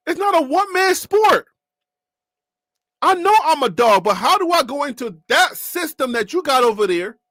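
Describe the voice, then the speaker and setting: A man hosting a live sports reaction stream, animated and joking as he talks. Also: very high voice, no room sound, studio quality. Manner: animated, joking, repeats himself.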